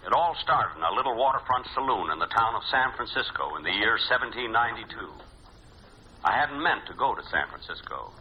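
A man hosting and narrating a 1950s radio comedy, with a dry, deadpan delivery and pauses for laughs. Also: lowish voice, a crowd in the background. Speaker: comedy show host and narrator. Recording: hissy dull old radio recording.

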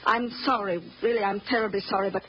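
An actress playing an upset, protective housekeeper mother who talks in an emotional, halting way, in old-time radio drama with a dull, faintly hissy recording. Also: mid-range voice, fairly even intonation, lightly acted. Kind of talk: 1940s radio acting.

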